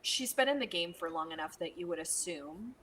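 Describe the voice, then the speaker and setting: Low-voiced woman guest, analytical. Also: expressive, fairly quick, fairly bright tone, a little hiss or hum, low-quality recording. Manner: analytical, acts out quoted voices. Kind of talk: casual chat.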